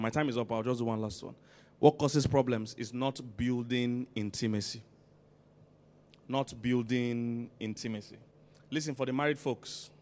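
High-voiced preaching man. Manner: animated preaching, swings from loud calls to quiet emphasis; asks the congregation for response. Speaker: senior pastor. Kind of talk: sermon. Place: church.

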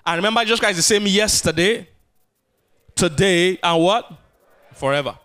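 A man preaching a sermon as pastor, animated, drawing responses from the congregation. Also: sits high, normal speed, clear, resonant tone.

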